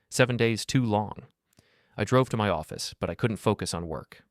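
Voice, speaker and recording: A man narrating a first-person story in a measured, earnest way. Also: low voice, no room sound, studio quality.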